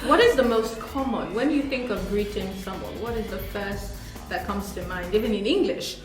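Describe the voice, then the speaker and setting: A woman's voice: medium pitch, moderate pace, roomy sound, music in the background. A woman co-hosting a casual French lesson, chatty and playful, laughing as she explains. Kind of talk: casual bilingual lesson chat.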